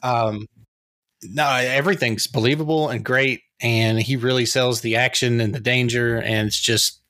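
A man co-hosting a casual movie review podcast, enthusiastic and quick to laugh. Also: medium pitch, fairly even intonation, sharp tone, dry recording. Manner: enthusiastic, laughs often, says "dude". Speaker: podcast co-host.

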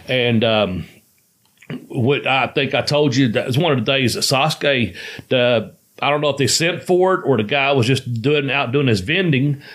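A man's voice: mid-range voice, fairly bright tone. A man in casual conversation, telling rambling, profane stories and laughing as he goes. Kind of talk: casual storytelling chat.

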